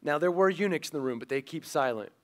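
High-voiced animated male preacher. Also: fast talker. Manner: animated, acts out quoted characters. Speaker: pastor. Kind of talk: sermon storytelling.

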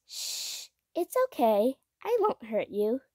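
A woman reading aloud voices a curious, bookish young girl, speaking softly and coaxingly in a raised voice. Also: sing-song, moderate pace, husky, dry recording, studio quality, exaggerated voice. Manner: soft, coaxing, higher voice.

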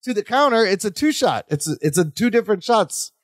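A man's voice: high-pitched, very animated, brisk, no room sound, clean studio sound. A man co-hosting a podcast, chatting casually with jokey asides and mock outrage at the characters. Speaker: podcast co-host. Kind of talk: casual recap chat.

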